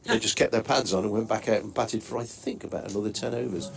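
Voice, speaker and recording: A male cricket commentator with a low, gravelly voice, pausing often on fillers as he fills in background between balls. His asides come out dry and understated. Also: fairly even intonation. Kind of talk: live commentary chat.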